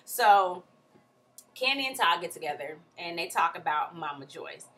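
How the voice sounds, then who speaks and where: Animated, blunt woman recapping reality TV. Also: fairly low pitch, moderate pace, a little hiss or hum. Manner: animated, exasperated, slangy and blunt. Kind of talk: casual recap commentary.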